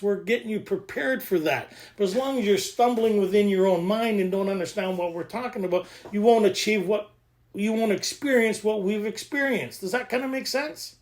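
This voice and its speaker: A man leading a recovery workshop, joking, excitable and laughing often as he explains the reading. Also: high voice. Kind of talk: animated teaching talk.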